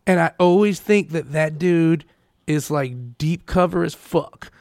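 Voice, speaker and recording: A man co-hosting a podcast, trading crude jokes in easy banter. His voice sits a bit high and has a heavy gravelly fry. The sound is dry and close. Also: measured pace, darkish tone, no room sound. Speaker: podcast co-host. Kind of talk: casual chat.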